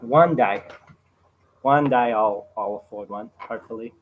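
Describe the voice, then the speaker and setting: A relaxed Australian man in his thirties chats easily with viewers, answering questions at a mid pitch. He sits outdoors by a campfire, with a faint hum of outdoor ambience behind his voice. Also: unhurried, low-quality recording. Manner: relaxed, chatty, reads viewer comments aloud. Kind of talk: casual livestream chat.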